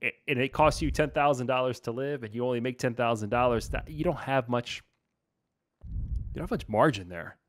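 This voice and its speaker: A man hosting a casual podcast as a financial planner, talking in an energetic, laid-back way full of slang. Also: mid-range voice, normal speed, no echo, studio quality.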